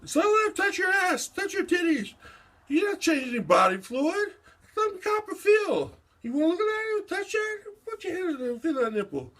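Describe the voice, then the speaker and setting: An older man with a strikingly high voice and a sharp, bright edge rants in a rambling monologue. His pitch swings widely as he lurches erratically between subjects, profane and agitated throughout. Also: very animated, moderate pace.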